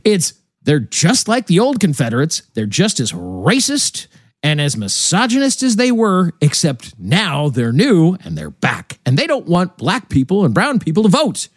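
Tired, animated man hosting a talk show. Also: a little high, measured pace, no echo, clean studio sound. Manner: animated, opinionated, with frequent restarts. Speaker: podcast host. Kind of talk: casual political talk show chat.

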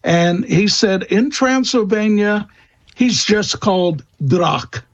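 A man answering interview questions about old folklore, slow and hesitant, with many fillers and restarts. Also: high-pitched, lively intonation. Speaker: guest expert on vampire lore.

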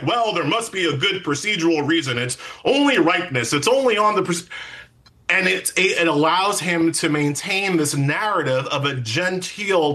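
A man speaking as an interview guest, emphatic and quick, with many fillers and restarts. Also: fairly high pitch, sharp tone. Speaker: legal commentator guest. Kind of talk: political interview.

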